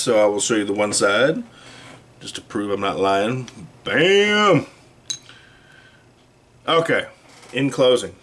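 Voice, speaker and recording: A man's voice: mid-range voice, slight background noise. A middle-aged man hosting his own channel, talking casually and bluntly to camera, with a little mild cursing. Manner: blunt, plainspoken, slightly profane. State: hiccups. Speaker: channel host.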